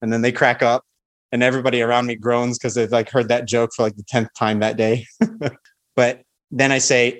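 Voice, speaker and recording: A man's voice: mid-range voice, flat delivery, fairly quick. A man explaining sales techniques with confidence, walking through the steps of a call. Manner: confident, instructive, acts out sample calls. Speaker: sales expert guest.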